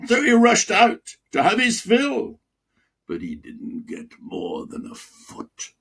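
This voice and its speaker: A man voicing an older Russian medical dean with a Russian accent and a deep velvety voice, telling a teasing story slowly and theatrically. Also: wildly swooping pitch, gravelly, fairly bright tone, slightly rough, heavily acted. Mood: sly storytelling. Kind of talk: memoir reading aloud.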